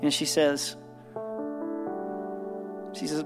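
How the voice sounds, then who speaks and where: A man's voice: fairly high pitch, steady tone, unhurried. A man in his thirties preaching an earnest sermon to a congregation, telling a story to make his point. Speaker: pastor. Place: church service. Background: soft background music.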